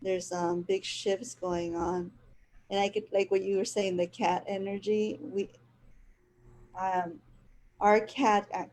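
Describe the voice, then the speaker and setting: A woman's voice: on the low side, vocal fry, warm tone, slight background noise. A woman hosting a casual spiritual chat, telling a rambling personal story and laughing often. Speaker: host.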